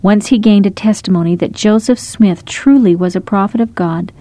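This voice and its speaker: A woman narrating short scripted stories in a gentle, measured storytelling manner. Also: medium pitch, no echo.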